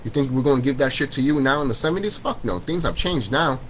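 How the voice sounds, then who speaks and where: A man's voice: mid-range voice, lively intonation, quick pace, a little hiss or hum, low-quality recording. A man in a vlog, ranting to his viewers, heated and repetitive, swearing often. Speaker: vlogger. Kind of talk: profane spiritual rant to camera.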